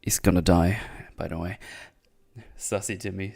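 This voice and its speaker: A man hosting his own show, casually retelling scenes with filler words and quick quoted lines. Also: deep voice, steady tone, mellow. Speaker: podcast host recapping a series. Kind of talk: casual chat.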